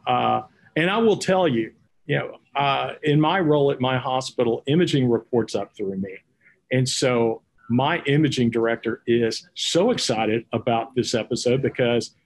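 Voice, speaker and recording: A man's voice: medium pitch, normal speed. Chatty Texan man hosting a show. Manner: chatty, folksy, with many fillers. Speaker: podcast host. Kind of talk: casual interview hosting.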